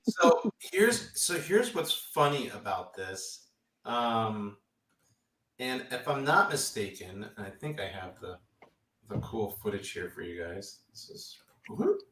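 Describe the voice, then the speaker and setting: Golf stream host dude, swears a lot, acts out quotes, sounds far off in an echoey room. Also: male voice, on the low side, slow. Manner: animated storyteller, swears freely, acts out quotes. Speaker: podcast host. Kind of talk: casual golf chat. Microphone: remote stream mic.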